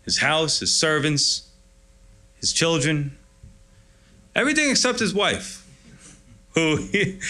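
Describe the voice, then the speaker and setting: Bright-voiced enthusiastic male preacher. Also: a little high, very animated, takes it slowly, pauses often. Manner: enthusiastic, conversational, storytelling. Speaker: pastor. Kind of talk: sermon.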